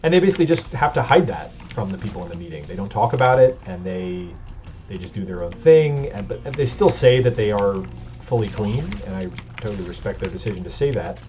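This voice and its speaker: A man's voice: lowish voice, expressive, fairly quick, darkish tone. A man hosting a let's play, talking in a rambling, confessional way with restarts and laughs, recorded on a webcam mic. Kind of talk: candid gameplay commentary. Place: home computer setup. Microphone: built-in webcam microphone. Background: keyboard clacking and faint game music.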